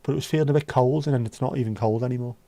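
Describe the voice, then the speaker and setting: Man, livestream host, rambling and sweary with a wry edge, warm mellow tone, dry home recording. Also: mid-range voice, rapid-fire, no room sound. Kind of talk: casual chat reading viewer comments.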